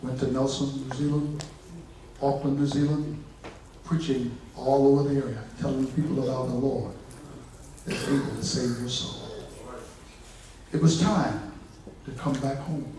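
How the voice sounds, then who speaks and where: A man preaching a revival sermon, telling stories in folksy asides and building from low narration to shouted climaxes, with the congregation answering back. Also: steady tone, a little slow, pauses often, slight background noise. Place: church sanctuary. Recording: echoey church hall from far off, congregation. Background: congregation responding.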